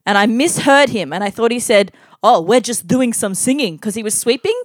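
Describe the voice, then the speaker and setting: A woman's voice: a little high, moderate pace, no room sound, clean studio sound. A woman telling an awkward personal story with laughter, acting out the dialogue. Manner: animated, laughing, acts out dialogue. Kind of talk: casual storytelling.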